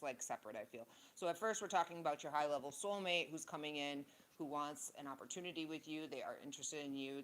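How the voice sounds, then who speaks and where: Low-voiced blunt woman reading tarot. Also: rough recording. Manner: blunt, profane, rambling asides. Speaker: tarot reader. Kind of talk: casual tarot reading monologue.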